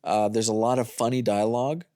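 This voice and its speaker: A man's voice: medium pitch, fairly even intonation, brisk, warm tone. A man co-hosts a movie review podcast in loose, casual chat. He rambles through scene retellings, acting out the lines and swearing freely. The sound is dry and close, with no room echo. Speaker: podcast co-host.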